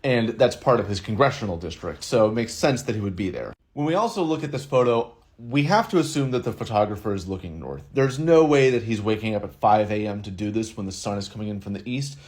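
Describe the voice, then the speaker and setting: A man's voice: lowish voice, expressive, quick pace, few pauses, darkish tone. A man giving an explanatory video commentary, methodical and reasoning step by step. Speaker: online commentator.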